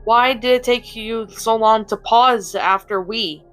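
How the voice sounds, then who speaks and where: A woman's voice: on the high side, measured pace, fairly bright tone, faint music behind, pitched above the performer's own voice. A woman voicing a nosy, skeptical young woman warrior. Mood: prying. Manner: prying and skeptical.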